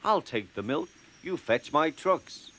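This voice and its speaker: A man's voice: on the high side, animated, slow pace, sharp tone, pitched above the performer's own voice, full character voice. A man voicing a friendly, helpful old tram engine in a children's storybook. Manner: helpful, easygoing.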